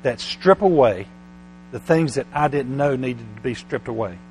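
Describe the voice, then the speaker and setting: A man preaching a sermon, often restarting his words, slow and halting at first and then building to loud, emphatic passages. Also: medium pitch, expressive, slight background noise, rough recording.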